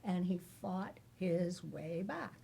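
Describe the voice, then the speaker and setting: A woman's voice: lowish voice, lively intonation, slow pace, gravelly, dark tone, husky. A middle-aged woman from the United States, speaking as a panelist and candidly sharing her caregiving experience with jokes along the way. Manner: candid, joking storyteller. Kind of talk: personal story at a public panel.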